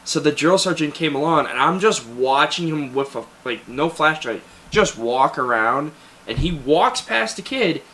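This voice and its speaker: A young man casually telling animated stories about basic training, often breaking into laughter. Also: a little high. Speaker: guest. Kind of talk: casual storytelling.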